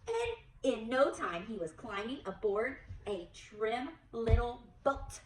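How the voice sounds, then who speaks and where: Animated young woman reading to a toddler. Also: on the high side, slow, few pauses, roomy sound, far from the mic, noisy background. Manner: animated, coaxing, sing-song prompting. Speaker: preschool teacher. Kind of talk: reading a picture book aloud to a toddler.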